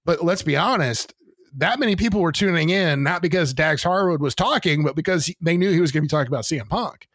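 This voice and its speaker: A man's voice: fairly high pitch, fast, fairly bright tone, no echo, studio quality. A man co-hosting a podcast, talking earnestly in casual chat with stammering restarts. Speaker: podcast co-host.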